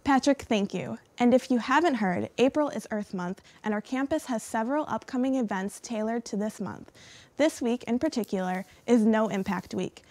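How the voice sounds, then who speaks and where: A young female co-anchor with a slightly high voice reads campus announcements clearly and brightly. The sound is dry and close, with no room echo. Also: normal speed. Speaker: news co-anchor. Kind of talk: college TV newscast.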